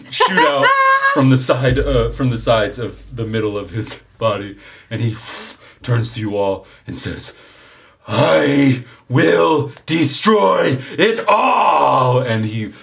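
Low-voiced man narrating a game. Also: unhurried, a bit bright. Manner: vivid descriptive narration, often laughing at his own scene. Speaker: game master.

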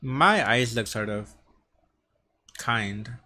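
A man's voice: mid-range voice, expressive, very slow, pushed and bright. A man with a stutter and a lisp who practices tongue twisters on camera in a room at home while wearing earphones, repeating sounds as he trips over words. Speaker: vlogger.

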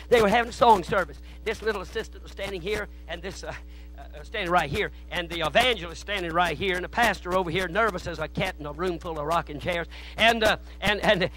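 A man preaching a sermon in a church, telling stories that swing from hushed asides to loud shouting. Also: sits high, rough recording. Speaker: guest preacher. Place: church sanctuary.

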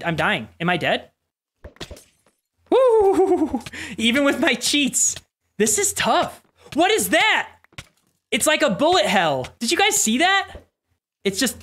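An adult streamer giving rambling, excitable live commentary while playing game boss fights, with sudden yelps. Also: mid-range voice. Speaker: streamer playing community-made game bosses.

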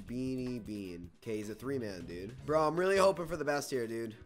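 A young man giving excitable live commentary over his own gameplay, swearing and repeating himself as he pleads with the game. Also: medium pitch. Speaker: gaming YouTuber.

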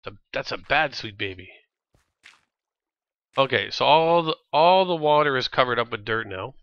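A man with a Canadian accent streaming a video game, chatting in a rambling, jokey way and quick to laugh. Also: mid-range voice, lively intonation, a bit bright, dry recording, lo-fi sound. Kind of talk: casual gameplay chat.

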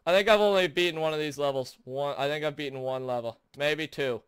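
A young man hosting a gaming video, commentating his own play in frustration, shouting and groaning between sarcastic mutters. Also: fairly high pitch, a little fast, clear, resonant tone, dry recording, clean studio sound. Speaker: gaming channel host. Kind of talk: raging let's play commentary.

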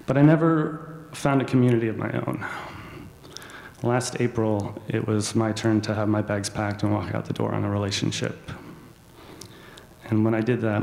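Man, low gravelly voice, earnest and self-deprecating personal talk, big reverberant hall. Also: a little mellow. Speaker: assembly speaker. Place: large hall.

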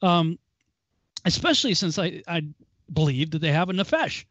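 A man with a fairly high voice co-hosts a casual Bible study talk. He tells stories in an animated way and breaks into small chuckles. The recording is dry and a little dull, like a lo-fi call. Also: normal speed, dry recording. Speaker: co-host.

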